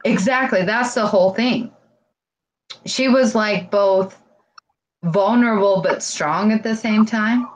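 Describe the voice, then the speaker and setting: Woman guest on a stream, rambles slow and earnest, says like a lot, mid pitch. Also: a little hiss or hum, rough recording. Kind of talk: casual live-stream chat.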